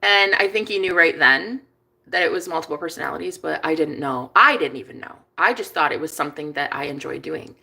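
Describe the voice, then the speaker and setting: A woman talking casually to camera in a confessional vlog, chatty and profane, swinging between hushed and excited. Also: low voice, a little fast, creaky. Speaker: vlogger and manifestation coach.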